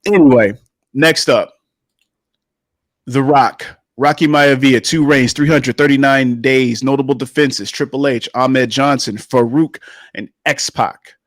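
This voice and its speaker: A man's voice: medium pitch, unhurried, dry recording, studio quality. A man hosting a casual panel chat, reading out stats and stumbling over restarts. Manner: reads out stats, many restarts and fillers. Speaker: host running the tier list.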